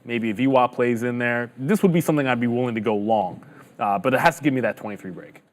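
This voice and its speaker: A man's voice: mid-range voice, fast. A man co-hosting a live trading stream, bantering casually and then thinking aloud about stock levels and trades. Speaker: co-host of a live trading show.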